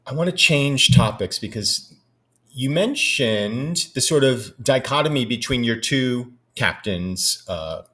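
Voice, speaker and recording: Jersey guy hosting a podcast, bit husky, lots of up and down in his voice, curious. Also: medium pitch, expressive, slow, pushed and bright. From New Jersey, US. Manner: curious, conversational questioner. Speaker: podcast host. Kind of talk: casual interview.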